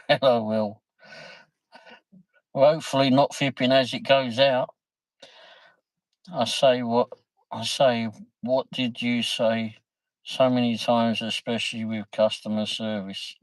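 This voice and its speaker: A man's voice: medium pitch, steady tone, measured pace, pauses often, dry recording, low-quality recording. A middle-aged man, chatting casually on his livestream, reading viewer comments, laughing easily and swearing mildly. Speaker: livestream host.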